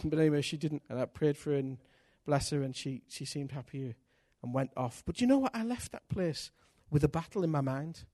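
Animated man preaching. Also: on the high side, fairly quick, few pauses, no room sound, studio quality. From Britain. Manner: animated, candid, self-mocking humor. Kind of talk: sermon with personal storytelling.

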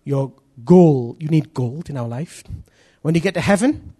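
A middle-aged preacher delivers a sermon with a somewhat high, husky voice. He talks animatedly, acting out other people's voices and dropping from loud to hushed. His delivery swings between urgent and quiet. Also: lively intonation, a little slow.

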